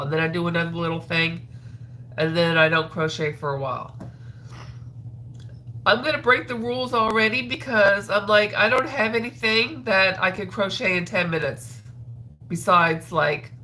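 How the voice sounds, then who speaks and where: A woman's voice: on the low side, sharp tone, slight background noise. Stuffed-up woman chatting on a craft livestream. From Atlantic Canada. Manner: rambling, chatty, with frequent ums and trailing sos. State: stuffed-up nose, sniffling. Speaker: crochet livestream host. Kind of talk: casual livestream chat while crocheting.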